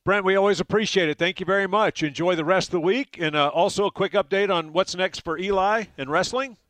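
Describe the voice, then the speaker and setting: A man hosting a sports talk radio show, brisk and upbeat as he takes calls and thanks guests. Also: high voice, fairly bright tone, no echo.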